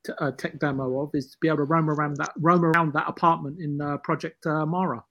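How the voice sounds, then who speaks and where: A man co-hosting a gaming podcast, quick and chatty, teasing the host. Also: fairly high pitch, steady tone, a bit bright, dull audio. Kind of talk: casual panel chat.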